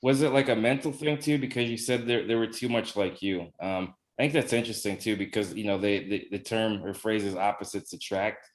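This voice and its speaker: A man's voice: lowish voice, fairly even intonation, brisk, hardly any pauses. A man hosting a casual podcast chat, who jokes and teases with profane asides. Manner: joking, profane, teasing asides. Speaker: podcast host.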